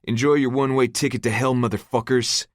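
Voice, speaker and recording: A man's voice: fairly low pitch, a little slow, no echo, natural voice. Man playing a cocky, vengeful teen boy, dry close read; audiobook. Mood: defiant. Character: defiant, vengeful teenage boy.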